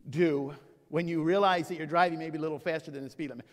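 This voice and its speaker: A male pastor with a notably high voice delivers an emphatic sermon in a hall with a long reverberant tail. He drives his points home with rhetorical questions and personal anecdotes. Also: fast.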